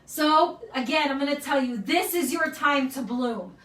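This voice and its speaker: An earnest woman gym owner delivers a heartfelt motivational address at an unhurried pace. Her voice sits high, and she often checks in with "right?". She is picked up from a distance in a roomy, echoing space. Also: a bit bright. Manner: earnest, emotional, repeats "right?".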